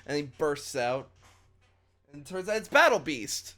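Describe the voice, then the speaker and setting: A man's voice: on the high side, lively intonation, normal speed, sharp tone. A man co-hosting a podcast, recapping episodes in loose casual chat, rambling and laughing and acting out lines. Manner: rambling, laughing, acts out quotes. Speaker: podcast co-host.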